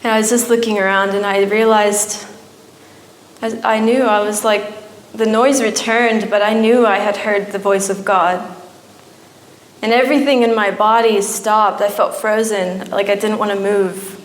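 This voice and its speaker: A young woman speaks at a church with a medium-pitched, steady, unhurried voice, giving an emotional personal testimony. Her storytelling sometimes rises into pleading, and the recording carries the echo of a church hall.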